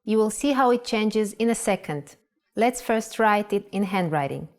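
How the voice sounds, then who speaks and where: A woman's voice: mid-range voice, lively intonation. Teacher woman. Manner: clear, slow spelling-out of sounds. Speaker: Hebrew language teacher. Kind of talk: scripted lesson narration.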